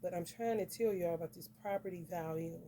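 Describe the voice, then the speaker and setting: A woman's voice: fairly low pitch, fairly quick, dark tone, slight background noise. Blunt, profane woman calling everyone honey. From northern United States. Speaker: astrology reader. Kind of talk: casual spiritual vlog rant.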